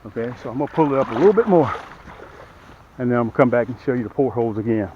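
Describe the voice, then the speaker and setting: A man's voice: mid-range voice, expressive, racing, lo-fi sound, a little hiss or hum. A middle-aged man giving a casual, folksy how-to demonstration outdoors, talking straight to viewers and a little out of breath from lifting. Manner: folksy, talks straight to viewers while working. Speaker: boat dealer demonstrating a boat. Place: outdoors by the water.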